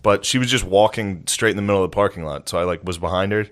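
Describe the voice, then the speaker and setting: A man's voice: sits low, quick pace. A man co-hosting a comedy podcast, telling crude stories and laughing often. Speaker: podcast co-host. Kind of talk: casual comedy podcast chat.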